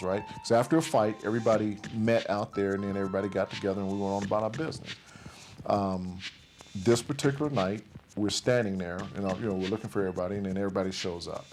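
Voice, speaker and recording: A man with a fairly low voice tells a story in a loose, conversational way. He slips into the present tense and acts out what others said. A clear music bed plays under his words. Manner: recounts events in present tense, voicing others' lines. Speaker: interviewee recounting events. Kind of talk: casual storytelling.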